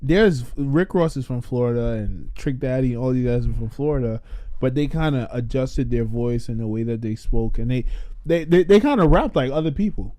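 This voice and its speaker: A young man co-hosting a podcast in casual chat, animated and slangy, swearing freely. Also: mid-range voice, normal speed, no room sound. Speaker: podcast co-host. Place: podcast studio.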